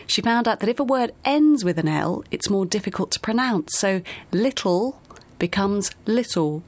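A woman co-hosting a radio pronunciation lesson, speaking carefully and demonstrating sounds slowly. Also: medium pitch, animated. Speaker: co-host of English pronunciation lesson.

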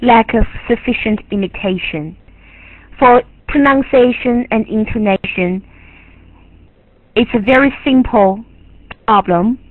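A woman's voice: fairly high pitch, a little slow, long pauses, no room sound. A woman teaching a class, lecturing emphatically and repeating her key points. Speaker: English teacher. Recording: tinny lo-fi, phone-like recording.

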